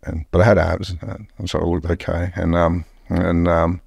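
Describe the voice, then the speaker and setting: Gravelly, deep-voiced Australian man. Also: flat delivery, moderate pace, a little mellow, dry recording. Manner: blunt, heavily profane storytelling. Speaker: podcast guest. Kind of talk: casual storytelling.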